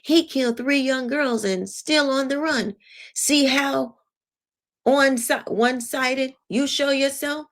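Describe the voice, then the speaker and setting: A woman's voice: high-pitched, slow. A woman hosting her own commentary show, reading text messages aloud with sarcastic, incredulous asides. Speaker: show host.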